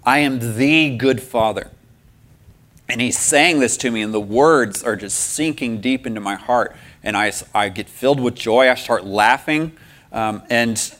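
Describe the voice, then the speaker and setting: A man telling a personal faith testimony. He talks candidly and pokes fun at himself, laughing often, and grows soft and quiet in the reflective stretches. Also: mid-range voice. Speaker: speaker sharing a faith testimony.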